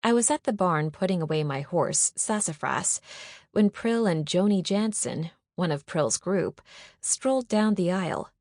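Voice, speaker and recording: A woman narrating a first-person audiobook in a measured, even storytelling manner. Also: lowish voice, dry recording, clean studio sound.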